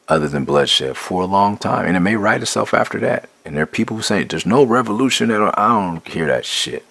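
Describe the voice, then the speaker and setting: Deep rough-voiced guy ranting hard, cussing a lot, dry close sound. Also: fairly bright tone, no room sound. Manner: blunt and profane, restarts and builds to raised intensity. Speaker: rapper sharing his views. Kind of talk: impassioned spoken monologue.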